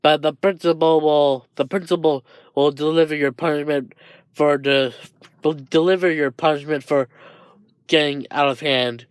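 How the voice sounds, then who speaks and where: A man's voice: a little high, fairly even intonation, moderate pace, clear, resonant tone, no echo, close to an everyday voice. A man voicing a curt, stern male teacher in a fan-told story.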